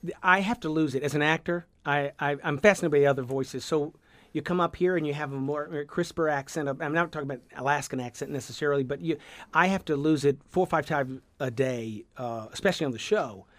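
A man with a softened Southern US accent, an actor talking as a radio guest in a rambling, animated way with many restarts. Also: fairly high pitch, quick pace, no echo. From American South. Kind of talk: casual radio conversation.

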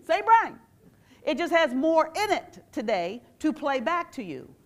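A woman teacher gives an animated workshop talk, quizzing her audience and acting out phrases. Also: sits high, a little slow. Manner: animated, quizzes the audience with call-and-response questions; acts out quoted phrases in playful voices. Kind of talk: live interactive workshop talk.

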